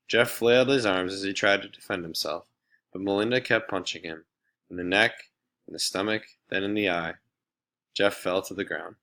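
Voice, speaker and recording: Low-voiced man narrating a storybook. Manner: steady, plain reading. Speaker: audiobook reader.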